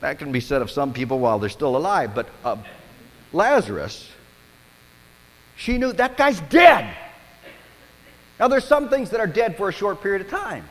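Male pastor, expressive storytelling sermon, higher voice, long hall reverb. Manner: storytelling, animated preaching with dramatic pauses.

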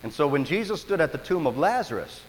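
Male pastor, expressive storytelling sermon, higher voice, long hall reverb. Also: slight background noise. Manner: storytelling, animated preaching with dramatic pauses.

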